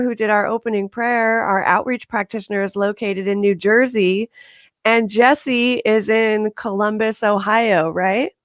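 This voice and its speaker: A woman's voice: mid-range voice, no room sound. Woman minister, dry close sound, chatty, laughing. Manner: chatty, laughs often, loose restarts. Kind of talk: warm welcome at a live-streamed service. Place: home condo. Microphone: live stream.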